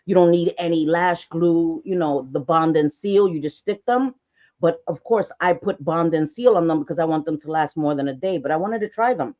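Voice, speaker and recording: A woman's voice: low-pitched, normal speed, a little mellow, muffled recording. A woman host chatting casually on a livestream, telling stories with frequent laughs and restarts and swearing freely.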